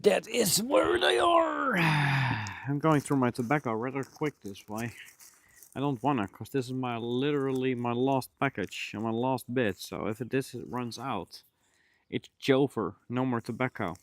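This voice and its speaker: A man's voice: medium pitch, moderate pace. A man live-streaming, muttering to himself as he fishes and chatting casually with his viewers. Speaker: livestreamer.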